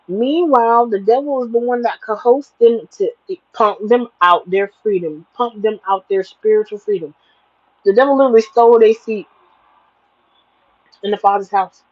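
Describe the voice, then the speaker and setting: A woman's voice: a little high, normal speed, no echo. Lady doing a tarot livestream, preachy and emphatic, dull lo-fi mic, dry sound. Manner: emphatic, preachy, plain-spoken. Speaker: tarot reader. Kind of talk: spiritual livestream reading.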